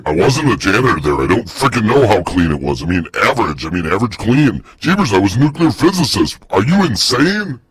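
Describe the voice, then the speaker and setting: Husky low-voiced grouch of an ex-base scientist, repetitive and exasperated, put on by a man. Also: very animated, brisk, few pauses, no echo. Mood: irritated. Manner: gruff, exasperated, keeps repeating himself. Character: irritable middle-aged male ex-Area-51 scientist.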